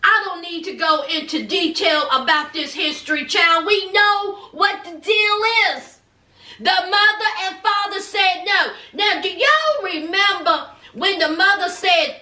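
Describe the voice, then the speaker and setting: A woman with a very high, bright voice drawls slowly through a sassy gossip recap. She keeps turning to her viewers with asides, and the room adds a clear echo. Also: expressive. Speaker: reality TV recap vlogger. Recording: echoey room.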